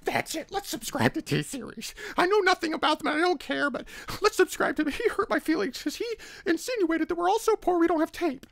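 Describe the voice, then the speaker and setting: A man putting on the voice of a petulant, offended online commenter in a high, mocking whine. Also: expressive, fairly quick, creaky, hardly any pauses, a bit bright, no room sound, exaggerated voice.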